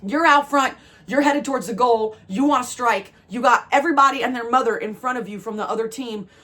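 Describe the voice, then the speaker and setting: Animated tarot-reading woman from New Jersey. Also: on the high side, fairly quick. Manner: animated and emphatic, calls the listener "baby". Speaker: tarot reader. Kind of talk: spiritual tarot reading to camera.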